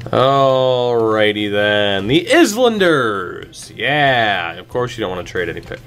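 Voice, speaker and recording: A man's voice: on the low side, sing-song, slow, fairly bright tone, faint music behind. A man commentating a video game he plays, exasperated and pleading, swearing often, with sarcastic asides. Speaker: gaming channel host.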